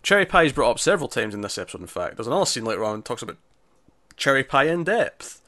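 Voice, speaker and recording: A man's voice: mid-range voice, very animated, fast talker, bright, forceful tone, no echo. A man, chatting casually as he recaps a TV episode, often acting out quotes. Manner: chatty, lots of fillers and acted-out quotes. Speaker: podcast co-host.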